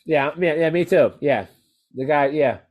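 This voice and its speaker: Uomo che chiacchiera, animato e sboccato. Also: male voice, a little high, a little slow, narrow, tinny audio. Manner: animated, profane, rambling. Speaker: podcast co-host. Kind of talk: casual chat.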